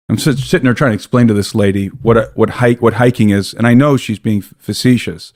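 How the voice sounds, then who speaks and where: An American man, a podcast guest, telling a story in an animated way, often breaking off and restarting his sentences. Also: on the low side, fast talker, hardly any pauses, no echo, studio quality. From United States. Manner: animated, self-interrupting storyteller. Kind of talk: casual storytelling.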